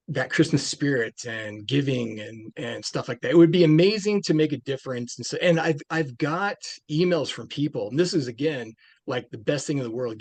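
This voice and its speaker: A man's voice: medium pitch, a little mellow, no room sound. A man, a film director being interviewed, talking casually and rambling with many restarts and fillers.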